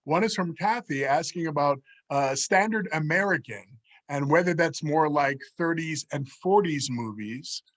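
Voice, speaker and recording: A man's voice: fairly high pitch, measured pace, a bit bright. Hesitant man moderating a video call. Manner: hesitant, many fillers, polite. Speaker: workshop moderator relaying chat questions. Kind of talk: moderating an online workshop.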